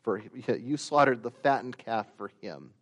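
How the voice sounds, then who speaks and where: A man preaching a sermon, slow and deliberate, rising to loud emphatic peaks and dropping to quiet asides. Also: medium pitch, expressive. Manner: slow, deliberate delivery with long pauses.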